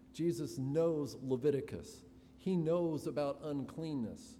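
A man preaching an expository sermon to his congregation, slow and deliberate with dramatic pauses. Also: medium pitch, mellow. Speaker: pastor. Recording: reverberant hall, faint room noise.

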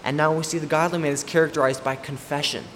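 A man's voice: on the high side, steady tone, quick pace. Male preacher, emphatic and repetitive, long hall reverb with faint room hiss. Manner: emphatic, repeats key points. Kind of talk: expository sermon.

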